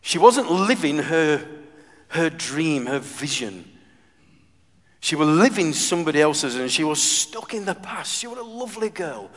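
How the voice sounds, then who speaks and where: Guy preaching, gets loud then goes real quiet and earnest, long hall echo. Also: fairly high pitch, expressive, unhurried. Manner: swings from loud emphasis to hushed, earnest asides. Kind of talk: sermon.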